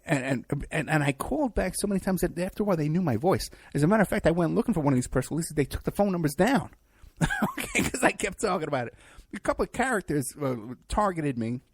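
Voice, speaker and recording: A male talk-show host with a gravelly, rough-edged voice and a husky, breathy tone. He rambles along in an off-the-cuff monologue and often stops and restarts his sentences. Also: on the high side, dry recording. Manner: rambling, with frequent restarts and fillers.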